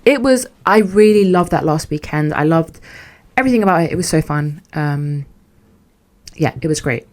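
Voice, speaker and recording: A young woman hosting a podcast, telling a story in a casual, animated and sarcastic way, full of slang. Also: deep voice, normal speed. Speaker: podcast host.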